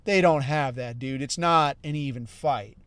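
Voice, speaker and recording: A man's voice: medium pitch, measured pace, fairly bright tone, clear, resonant tone, dry recording. A middle-aged man hosting a podcast, ranting casually with heavy swearing and a constant "dude" and "bro.". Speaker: podcast host. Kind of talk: casual profane rant.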